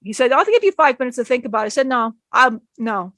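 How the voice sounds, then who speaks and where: A woman's voice: on the high side, lively intonation, quick pace, a bit bright, dry recording. A woman channeling a spirit, telling an emotional personal story in a rambling way, often acting out what others said and laughing.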